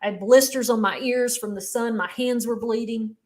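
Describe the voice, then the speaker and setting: A middle-aged woman speaks in a fairly high voice as she recounts her own story in an interview. She is candid and emotional, and she often halts and restarts mid-sentence. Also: steady tone, moderate pace, a little mellow. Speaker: interview guest.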